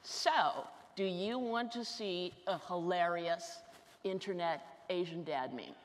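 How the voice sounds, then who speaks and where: A woman around sixty telling comic stories on stage, fast, animated and self-mocking. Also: lowish voice. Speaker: author giving a talk. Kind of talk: comic storytelling talk on stage. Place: large lecture hall. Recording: reverberant hall with faint noise.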